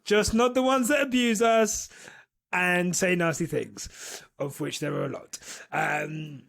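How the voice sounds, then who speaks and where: A man's voice: high voice, slow, vocal fry, a bit bright. A man hosting a motorsport podcast in a casual chat, rambling with restarts and breaking into laughter. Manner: rambling, laughs a lot, mimics drivers. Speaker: podcast host.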